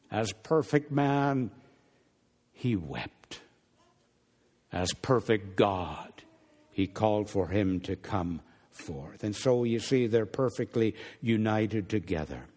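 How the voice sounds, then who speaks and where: A man preaching a sermon, dropping low and hushed on some phrases and lifting sharply on others. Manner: wide swings between low hushed phrases and raised emphatic ones. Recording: long hall reverb.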